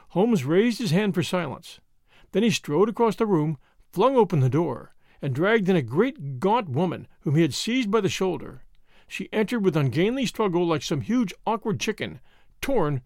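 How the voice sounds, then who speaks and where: A man giving an expressive audiobook narration of a detective story. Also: high voice, normal speed, no room sound. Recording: dry close recording.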